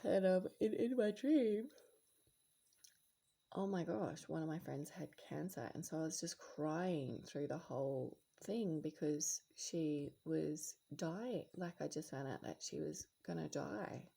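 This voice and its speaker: A woman with a low, husky voice and vocal fry speaks at a measured pace in a casual late-night monologue. A spiritual vlogger, she rambles reflectively with many fillers and restarts, at times slipping into soft whispered asides.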